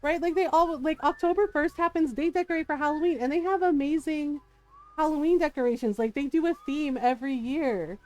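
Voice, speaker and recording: A middle-aged woman streamer chatting casually, telling an animated story with frequent laughs and quoted voices. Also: sits high, a little fast, faint music behind. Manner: animated, laughing often, quoting others in shifting voices.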